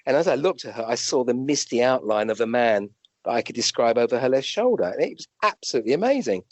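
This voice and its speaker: This chatty guest, a British physician and medium, spins anecdotes at a quick pace, restarting often and acting out quotes as his pitch leaps upward. The conversational storytelling is rambling and animated, captured in a dry room with a dry recording.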